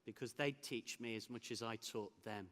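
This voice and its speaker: A man's voice: mid-range voice, normal speed. Man telling a story in an echoing hall. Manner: animated storytelling with laughs and restarts. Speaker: keynote speaker. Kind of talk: conference keynote speech. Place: large hall. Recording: hall with long reverb.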